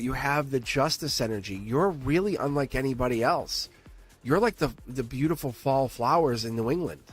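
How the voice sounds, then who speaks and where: A man giving a livestream tarot reading, rambling and playful, chuckling often and talking straight to his chat. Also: medium pitch. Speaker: tarot reader.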